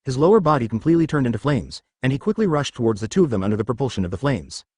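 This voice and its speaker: A male narrator reads a fan story aloud in a synthetic audiobook voice. His pitch swings widely, and the sound is close and dry. Censored words come out as letters and asterisks. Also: sing-song, rapid-fire, a little mellow, dry recording.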